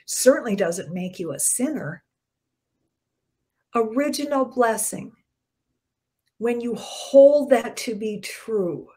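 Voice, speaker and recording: Woman giving a chatty spiritual talk. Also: mid-range voice. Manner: conversational, warm-hearted preaching with soft dropped endings and bursts of emphasis. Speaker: minister. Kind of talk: short spiritual talk to camera.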